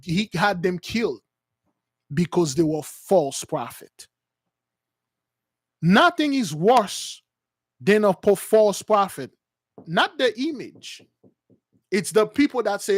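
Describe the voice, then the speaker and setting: A man's voice: high voice, lively intonation, unhurried, pauses often, no echo, studio quality. A man preaching with passion, acting out quoted voices, with many fillers and restarts. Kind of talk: impassioned religious teaching.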